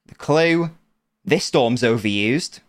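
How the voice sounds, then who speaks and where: A man's voice: mid-range voice, animated, slow. A young man hosting a podcast quiz segment in a casual, playful, teasing way, often laughing. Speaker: podcast host running a quiz.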